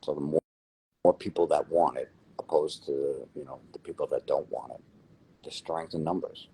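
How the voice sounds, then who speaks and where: A man from New Jersey with a New Jersey accent, telling his story as an interview guest in an animated way and repeating phrases for emphasis. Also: rumbling low, normal speed, breathy edge, low-quality recording. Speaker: lottery winner guest.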